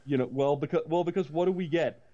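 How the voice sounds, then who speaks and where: A man, possibly middle-aged, co-hosting a casual movie chat, rambling with many restarts and breaking into animated rants. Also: fairly high pitch, fast, dull audio. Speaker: podcast co-host.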